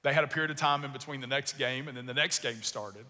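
A male pastor preaching in a church, telling a story and swinging between hushed passages and emphatic bursts. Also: mid-range voice, fast. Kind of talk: sermon. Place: church sanctuary. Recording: long church reverb, music behind. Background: soft music.

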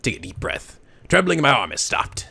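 A man's voice: mid-range voice, very animated, brisk, creaky, bright, forceful tone, husky. A man hosting a let's play, reading a visual novel aloud with playful, theatrical delivery, often giggling.

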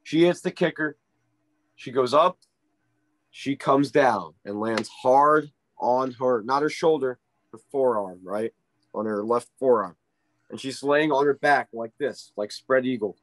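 A man in his middle pitch range tells a story as a ski instructor, animated and quick to check in with "right?". His voice sits close and dry, with no room sound around it. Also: no room sound. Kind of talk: casual storytelling in an interview.

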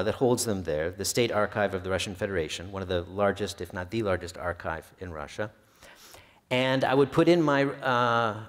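A male historian giving a public talk about his book, telling anecdotes in an easygoing way with occasional filler hesitations. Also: on the low side. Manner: relaxed storyteller with some filler hesitations. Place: library event hall. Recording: long reverb of a hall.

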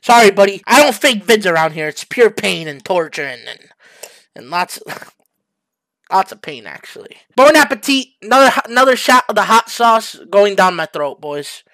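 A man hosting a comedic reaction video, talking to viewers as boys and fellas and breaking into yelps and shouts. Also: high-pitched, animated, normal speed, no echo. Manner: hyped, jokey, bursts into yelps and shouts. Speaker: YouTuber.

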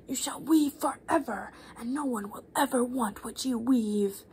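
A woman voicing a wrathful goddess who punishes a mortal weaver, in a whispered role-play, slow and stern. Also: mid-range voice, huge pitch swings, slight background noise.

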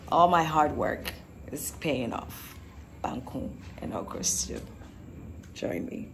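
A woman with a Ghanaian accent talks casually to her camera from an outdoor porch, teasing and inviting her viewers. Her voice sits low, and loud noise runs behind her. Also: big pitch swings, takes it slowly, creaky. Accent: Ghanaian English. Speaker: vlogger. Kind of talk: casual vlog chat to camera.

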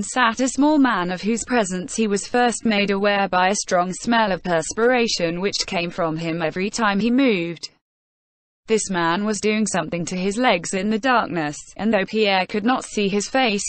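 A synthetic female voice narrating an audiobook in an even, measured reading that sometimes reads punctuation marks aloud. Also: medium pitch, no echo.

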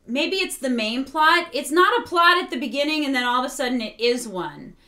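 A woman hosting a casual review chat, animated and mocking lines in exaggerated quotes. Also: high-pitched, a little fast, reverberant. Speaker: podcast host.

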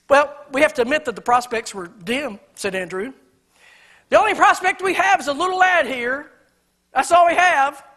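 A man preaching. His voice sits very high and sounds bright and forceful. He shifts from loud emphatic preaching to quiet storytelling. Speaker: pastor. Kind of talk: sermon. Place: church sanctuary.

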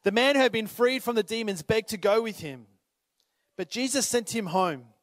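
A man preaching a sermon as pastor, swinging between urgent, rising calls and quiet appeals, sometimes acting out the people in the story. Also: high voice, expressive, normal speed, no echo, clean studio sound. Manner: impassioned, rises to urgent calls then drops to quiet; acts out voices when retelling scripture.

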